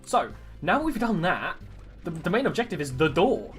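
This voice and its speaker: Speaking at a moderate pace in a medium pitch, a game streamer keeps up casual, animated chatter over soft background music. He jokes around while playing and tries on goofy accents.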